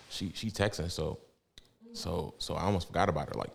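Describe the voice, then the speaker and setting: A man's voice: low voice, a little fast, creaky, slight background noise. A man hosting a casual podcast, talking in loose, repetitive slang and laughing often. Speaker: podcast host.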